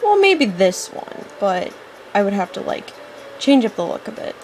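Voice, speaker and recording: A woman chatting her way through a let's-play, rambling loosely and dropping quick apologies. Her voice sits at an ordinary middle pitch, and she grows impatient whenever the game stalls. A faint hiss runs underneath. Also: big pitch swings, darkish tone. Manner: apologetic asides. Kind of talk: casual gameplay commentary.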